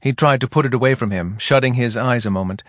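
A man narrating a novel in slow, even storytelling. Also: medium pitch, no echo, studio quality. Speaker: audiobook narrator. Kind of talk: scripted narration.

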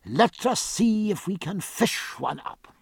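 A man's voice: high voice, animated, slow pace, gravelly, breathy edge, no room sound, clean studio sound, pitched above the performer's own voice, exaggerated voice. A man voicing a learned male ship's surgeon who speaks dryly and precisely.

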